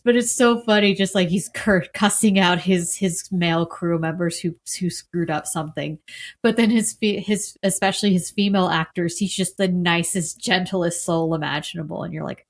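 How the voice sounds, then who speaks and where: A woman's voice: on the low side, moderate pace. A woman guest on a film podcast, chatty and laughing often as she tells stories. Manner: chatty, laughs often, mimics people in quotes. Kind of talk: casual film chat.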